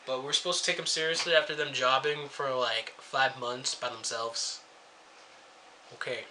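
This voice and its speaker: A man's voice: medium pitch, steady tone, moderate pace, bright, forceful tone, a little hiss or hum. A young man reviewing a wrestling show in a casual rant, sarcastic and swearing freely as he jumps between topics.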